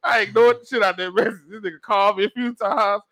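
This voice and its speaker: A man telling a story on a podcast in casual chat, animated, profane and laughing often. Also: sits high, quick pace. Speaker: podcast co-host.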